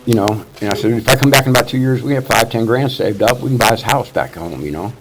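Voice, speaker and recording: Medium in pitch and fast, this sixty-something man from Missouri gives a casual testimony of his life at a recovery meeting. He rambles, swears, and leans heavily on "you know," all over loud background noise.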